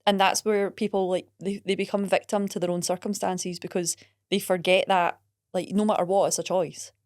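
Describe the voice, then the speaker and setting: A woman, a coach talking in a casual podcast chat, quick, earnest and emphatic. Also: fairly low pitch, level tone.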